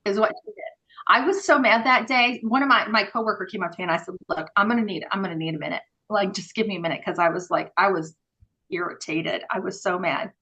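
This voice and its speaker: A woman on a podcast recounting her work in casual, animated storytelling. Her voice is bright and forward, and she slips into quoted dialogue often, padding her talk with "um" and "like.". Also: medium pitch, quick pace, rough recording. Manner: animated, many fillers, acts out quoted dialogue. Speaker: podcast guest, former group home worker.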